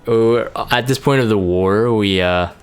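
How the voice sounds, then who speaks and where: A man's voice: lowish voice, unhurried, smooth. A man giving casual, rambling commentary over a replay of his own game, sleepy from just waking up, with many fillers and restarts.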